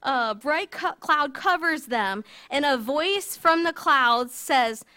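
A woman telling a Bible story in a casual, animated way, full of fillers and asides, as a teacher. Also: sits high, takes it slowly. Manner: chatty, animated, many fillers.

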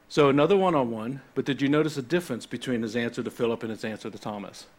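A man delivering a sermon in a relaxed, conversational way, talking through scripture and stopping often to explain it. His delivery is animated and off the cuff, and he restarts his sentences often. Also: medium pitch, fast talker, hardly any pauses. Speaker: pastor.

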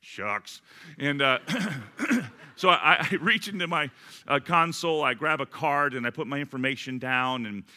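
Speaking at medium pitch and a moderate pace, a male pastor uses his sermon to tell a personal story. He brings it to life by acting out both sides of the conversation.

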